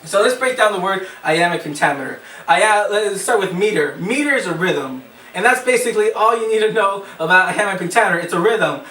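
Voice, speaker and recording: A man's voice: high-pitched, lively intonation, a little fast, bright, forceful tone, a little hiss or hum. A man giving a classroom speech, hesitant, with many fillers and restarts. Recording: echoey room, mic at a distance.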